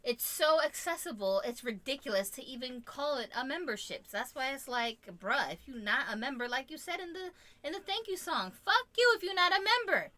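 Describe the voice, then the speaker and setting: A woman co-hosting a casual podcast chat, playful and teasing, quick to giggle. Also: high voice, lively intonation, a bit bright. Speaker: podcast co-host.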